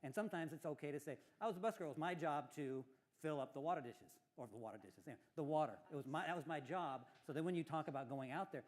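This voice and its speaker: A man's voice: fairly high pitch, quick pace, few pauses. Rambling man giving speech feedback. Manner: rambling, with frequent restarts. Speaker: workshop evaluator. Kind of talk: spoken feedback.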